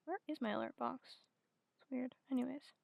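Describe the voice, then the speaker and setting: A woman's voice: sits high, a little fast, creaky, dry recording, phone-quality sound. A young woman streaming, chatting casually with her viewers while fumbling through her setup in a self-mocking, scatterbrained way. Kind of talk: casual live-stream chat.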